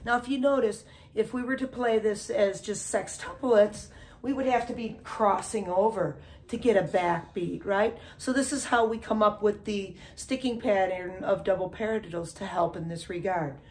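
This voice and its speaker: A woman with a mid-range voice gives a casual drum lesson at normal speed, counting the beats loudly over the drumming and checking in with "okay?" again and again. Drums play beneath her voice throughout.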